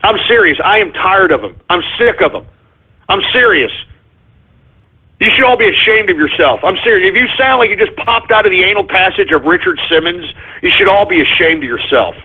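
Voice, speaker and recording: Male radio host, high husky voice, profane ranter, tinny phone-line sound. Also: lively intonation, fairly quick. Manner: profane, ranting, repeats himself. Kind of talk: talk radio rant.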